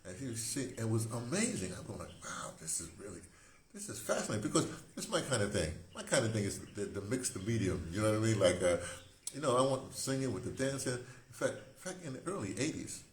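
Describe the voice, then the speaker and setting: A man of about seventy with a lowish, expressive voice hosts a rambling, casual monologue at a quick pace, often breaking off mid-thought and circling back. His manner is digressive and conversational. He's indoors, and the room sounds echoey with a faint hiss.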